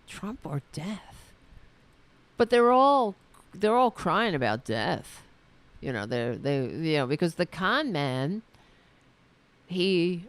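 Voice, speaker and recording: A woman rants about politics in a mocking, profane tone. She takes her time with her words while her pitch leaps around, and she keeps switching between loud bursts and quiet asides. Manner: animated, jumps between loud and soft. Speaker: political commentary host. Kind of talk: casual political rant.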